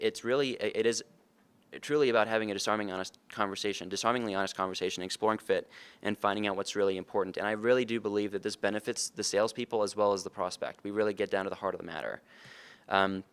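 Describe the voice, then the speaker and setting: A man's voice: fairly low pitch, fairly bright tone, clean tone. A man giving a conversational conference talk, earnest and often putting questions to the audience. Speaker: conference speaker. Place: conference room.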